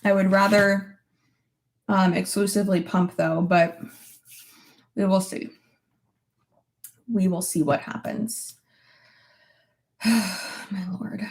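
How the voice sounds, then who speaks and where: Young woman vlogger, mid-pitched, loose and chatty, swears freely, peppers her talk with "like". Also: steady tone, slow, long pauses. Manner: chatty, full of "like" fillers, swears casually. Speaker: vlogger reading viewer comments. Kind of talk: casual chat. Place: at her desk at home.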